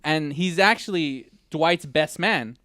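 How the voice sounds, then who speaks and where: A young man co-hosting a new live internet radio show, retelling a TV episode in a rambling, animated way with many restarts. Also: a little high, takes it slowly, dry recording, studio quality. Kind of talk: casual chat.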